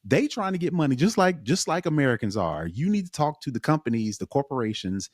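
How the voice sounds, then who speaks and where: A man co-hosting a podcast in casual discussion, urging listeners with animated conviction. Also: mid-range voice, brisk, dry recording, studio quality. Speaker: podcast co-host.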